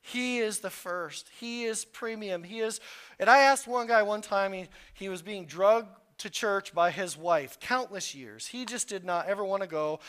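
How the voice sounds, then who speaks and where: Pastor guy preaching a sermon, highish voice, earnest, goes loud then real quiet. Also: a little slow, clear, resonant tone. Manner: earnest, swings from loud urgent peaks to hushed low stretches.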